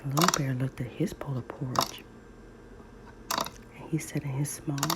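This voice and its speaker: A woman reading a children's story in soft ASMR whispers, over loud nail tapping clicks. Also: rumbling low, fairly even intonation, heavy background noise. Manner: soft, slow, soothing reading.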